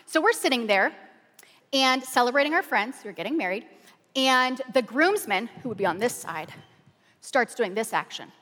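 A woman pastor preaching with an animated, excited, chatty way of telling funny stories from the pulpit. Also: fairly high pitch, normal speed. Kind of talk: humorous sermon storytelling. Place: large church auditorium. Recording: long reverb of a large hall.

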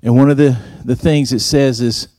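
A preacher delivers a sermon in a warm, fairly even voice at normal speed, telling stories and acting out the dialogue by raising his voice for quoted lines. The recording is studio quality with no room sound.

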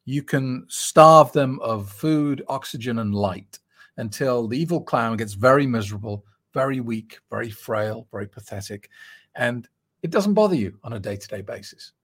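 A man's voice: mid-range voice, lively intonation, normal speed, a bit bright, slightly rough. A middle-aged man coaching on quitting drinking, giving earnest, emphatic advice in reply to a listener's email. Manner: earnest, emphatic, conversational with repetitions.

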